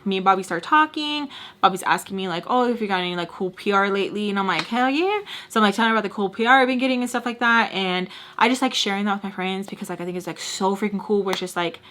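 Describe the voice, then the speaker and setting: A woman with a bright, forceful voice tells a story to her viewers. She rants in a chatty, animated way, drops "like" all through her sentences, and switches into the voices of the people she quotes. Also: mid-range voice, very fast, slight background noise. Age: adult with a son and husband. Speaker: beauty vlogger. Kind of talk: casual storytime rant.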